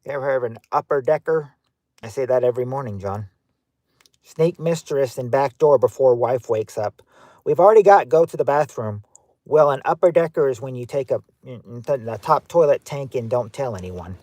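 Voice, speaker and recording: A man's voice: mid-range voice, lively intonation, moderate pace, darkish tone, no room sound. A man from Kentucky with a Southern accent, hosting a casual livestream outdoors and reading viewer chat aloud with lots of restarts. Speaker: livestream host.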